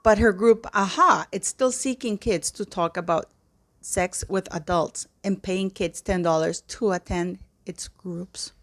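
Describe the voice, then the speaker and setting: A woman's voice: mid-range voice, measured pace, fairly bright tone. A woman giving impassioned, indignant commentary to her viewers, often repeating phrases for emphasis. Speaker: commentary vlogger.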